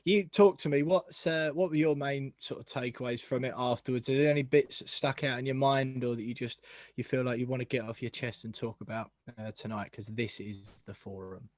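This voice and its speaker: A man hosts a casual football podcast, chatty and quick to laugh at himself. His voice sits at an ordinary middle pitch, and the sound is very dry and close. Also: steady tone, dry recording. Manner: chatty, self-deprecating, laughs often. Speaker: podcast host.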